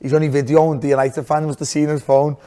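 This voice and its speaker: A man co-hosts a casual podcast and tells a long story. His voice is mellow and dark. He keeps breaking into laughter as he goes. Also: a little high, flat delivery, quick pace. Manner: laughs through his own stories. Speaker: podcast co-host.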